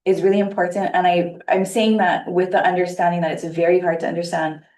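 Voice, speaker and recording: Woman on a board giving thoughtful comments, kinda low voice, roomy and far from the mic. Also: flat delivery, a little mellow. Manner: measured, thoughtful, with many fillers. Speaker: board member. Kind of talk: public meeting remarks. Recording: echoey room, distant mic.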